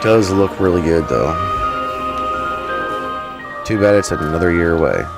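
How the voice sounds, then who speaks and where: A man's voice: deep voice, lively intonation, unhurried, loud music behind the voice. A man hosting a stream, talking in a rambling, offhand way and swearing casually. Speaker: streamer host. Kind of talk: casual gameplay commentary.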